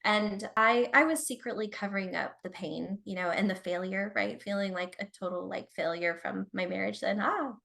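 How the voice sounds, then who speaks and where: A woman's voice: medium pitch, normal speed, gravelly, few pauses, bright, forceful tone. A woman productivity consultant, a podcast guest, telling a personal story in a chatty, candid way and speaking straight to listeners. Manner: chatty, addresses listeners directly, frequent "like".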